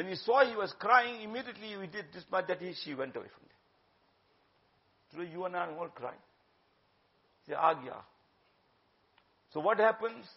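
A man's voice: high-pitched, animated, normal speed, gravelly, pauses often. A man preaching a sermon, exhorting his listeners and mixing in Urdu phrases. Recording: dull lo-fi recording.

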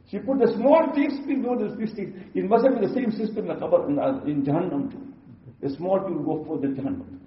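A man's voice: high voice, fairly quick. A man giving a sermon and telling stories, his delivery rising and dropping suddenly. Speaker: preacher. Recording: distant, echoey, muffled.

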